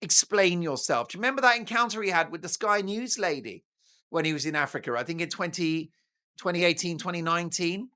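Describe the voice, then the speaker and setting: A man's voice: high-pitched, fast, bright, forceful tone. A British man hosting a talk show, giving mocking, sarcastic news commentary in a theatrical way. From Britain.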